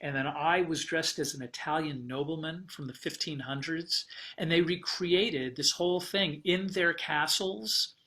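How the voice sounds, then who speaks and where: A man with a fairly high, bright and forceful voice, speaking as a podcast guest. He tells a long personal travel story in a loose, animated way. He often restarts sentences and fills pauses with "uh" and "like.". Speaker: guest, travel writer and publisher. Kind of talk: casual storytelling interview.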